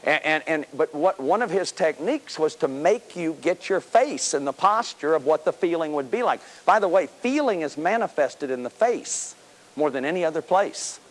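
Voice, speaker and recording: A man's voice: on the high side, animated, normal speed. A man in his fifties giving a self-help lecture, emphatic and repeating words as he drives points home. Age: 50s. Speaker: speaker on healing the inner child.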